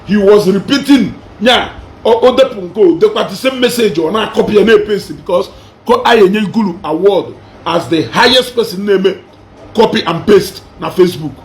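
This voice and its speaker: A man's voice: high-pitched, lively intonation, normal speed. A man with a Nigerian Igbo accent, switching between Igbo and English in a mocking, combative commentary, hammering the same phrases over and over. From southeastern Nigeria. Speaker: social media commentator.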